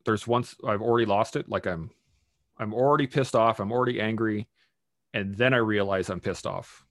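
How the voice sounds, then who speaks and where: A man in casual conversation, animated and swearing freely as he acts out his own angry outbursts. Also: lowish voice, moderate pace, dry recording, studio quality.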